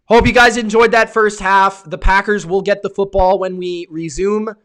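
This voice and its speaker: Excitable young man streaming game reactions. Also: sits high, moderate pace, clear, resonant tone. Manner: excitable, yells at big plays, talks to chat viewers. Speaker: live stream sports reaction host. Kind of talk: live play-by-play reaction to a game.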